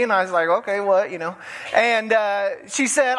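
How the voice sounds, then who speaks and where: A pastor delivers a folksy sermon in a church sanctuary, chuckling his way through a story. His voice sits high and fairly bright, and he takes his time, with the big-room sound of the space around him.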